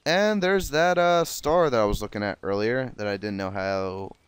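With a lowish, smooth voice at a moderate pace, a South Jersey man gives chatty, sarcastic let's play commentary, casually swearing as he games. There's no room sound.

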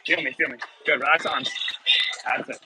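A man's voice: mid-range voice, steady tone, fairly quick, noisy background. A man teaching a live salsa class, counting beats and calling cues in Spanish and English to the dancers. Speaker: salsa instructor.

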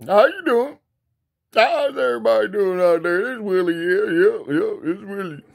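A man voicing Willie, a loud, hyper, goofy man who keeps repeating his own name. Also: moderate pace, vocal fry. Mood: giddy. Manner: high excited chatter, repeats own name.

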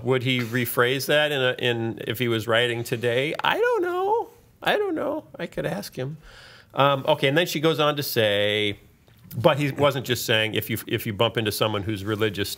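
A man hosts a casual podcast chat, talking in an animated way and reading listener letters aloud with joking asides. His voice sits at an ordinary middle pitch, and he sounds like he is on a studio mic. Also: normal speed, slight background noise. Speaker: podcast host.

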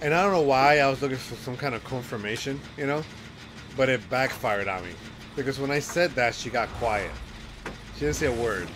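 A man's voice: medium pitch, fairly quick, noisy background. A man streaming a horror game, chatting, joking and laughing often as he plays. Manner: laughs often, playful trash talk. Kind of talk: live gaming commentary and storytelling. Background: game music.

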